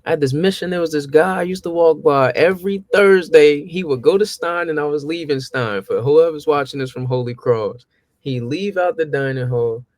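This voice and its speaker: A young man tells stories in a relaxed chat. He acts out his old conversations, his voice jumping high as he plays them back. The sound is dry and close. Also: moderate pace, no room sound. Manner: animated, acts out his own past exchanges with rising pitch. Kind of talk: casual storytelling.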